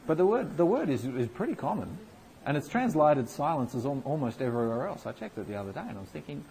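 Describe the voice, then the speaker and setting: A man preaching a conversational sermon and answering questions, with lively, animated emphasis. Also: on the high side, fast, a little hiss or hum, rough recording.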